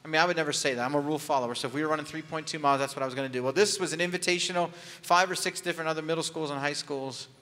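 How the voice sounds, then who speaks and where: In a church sanctuary with long hall reverb, a man preaches a sermon, telling a personal story in a frank, conversational way with some humor. His voice is a little high, bright, and forceful, with a steady tone despite his racing pace.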